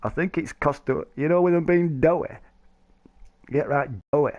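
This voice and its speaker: A man's voice: a little high, moderate pace, a little mellow, no echo, highs cut off. A man chatting casually to stream viewers, rambling and joking, laughing often. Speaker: live streamer.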